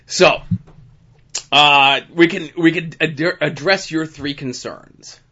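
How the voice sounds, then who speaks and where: Bright-voiced man with dry teasing. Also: fairly high pitch, slow, muffled recording. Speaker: podcast co-host. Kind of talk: casual movie discussion.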